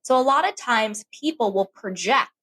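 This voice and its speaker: A woman's voice: a little high, moderate pace, low-quality recording. A woman guest on a podcast, talking casually and acting out the voices in her head as she tells a story. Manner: animated, acts out her own inner voice.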